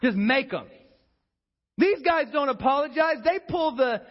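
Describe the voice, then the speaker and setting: A pastor preaching a sermon in an animated way, acting out the people in his story as he goes. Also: extremely high pitch, measured pace, dull audio. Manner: animated preacher, acts out quoted voices.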